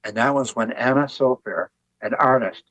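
An older man sits for an interview and tells stories with easy, wry humor. His voice sits at an ordinary middle pitch. The sound is close and dry, with no room echo. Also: normal speed. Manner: relaxed, anecdotal, wry humor. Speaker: author and artist guest. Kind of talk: conversational interview storytelling.

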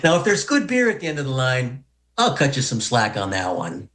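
Male storyteller from North Dakota, mid-pitched, folksy and humorous. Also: brisk. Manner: folksy, humorous, animated pacing. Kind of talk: personal story told to an audience.

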